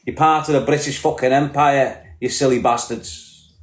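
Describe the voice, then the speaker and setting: A man's voice: mid-range voice, fairly even intonation, normal speed, reverberant. A man with a Liverpool accent ranting bluntly on a podcast, combative and full of swearing. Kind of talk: heated podcast rant.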